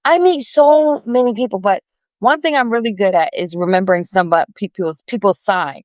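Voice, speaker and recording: A woman's voice: medium pitch, a little fast, a little mellow, no echo. A woman guest on a business podcast, chatting in a rambling, friendly way with many restarts. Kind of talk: casual interview chat.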